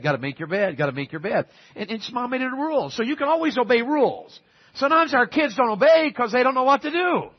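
High, husky preacher. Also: male voice, highs cut off. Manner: folksy storytelling, emphatic exhortation. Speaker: pastor. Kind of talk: sermon.

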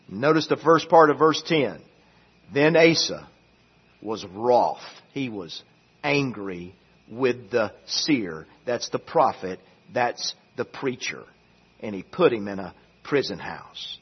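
Slow, husky-voiced preaching man. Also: mid-range voice, lively intonation, dull audio. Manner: slow, emphatic preaching with scripture reading. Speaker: pastor. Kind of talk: sermon. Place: church.

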